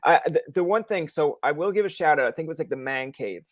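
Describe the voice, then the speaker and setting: Laughing podcast host from Newfoundland. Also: male voice, fairly high pitch, fast, no echo. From Newfoundland, Canada. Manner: animated storyteller, laughs often. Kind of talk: casual interview chat.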